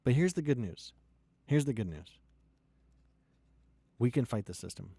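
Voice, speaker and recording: A startup founder ranting and pitching with heavy swearing, swinging from loud outbursts to low, quiet lines. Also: male voice, lively intonation, measured pace, gravelly, husky, dry recording. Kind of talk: impassioned profane rant and pitch.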